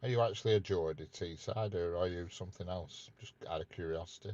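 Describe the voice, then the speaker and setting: A man chats casually on a live stream, teasing his viewers with questions. His voice sits very low. The audio is muffled and lo-fi. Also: fast talker, darkish tone. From north of England. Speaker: livestream host chatting with viewers.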